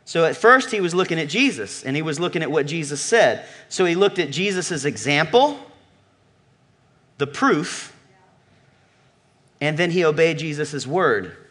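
A man preaching to his congregation with a fairly high voice. He throws out questions, booms out key phrases, then drops to a near-murmur for weight. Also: lively intonation, unhurried, long pauses, husky. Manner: emphatic preaching, swings from loud calls to low murmurs. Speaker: pastor. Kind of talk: sermon.

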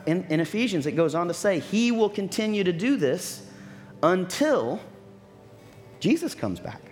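A man preaching a sermon as pastor, telling stories and acting out what people said, with lively asides. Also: on the high side. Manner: storytelling with acted-out quotes and lively asides.

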